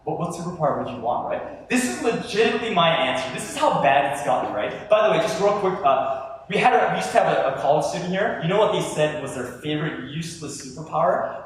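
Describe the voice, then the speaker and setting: A man giving a humorous talk to a live audience, animated and self-deprecating, joking with the crowd. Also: fairly high pitch, a little hiss or hum. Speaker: youth speaker. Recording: echoey hall from far off.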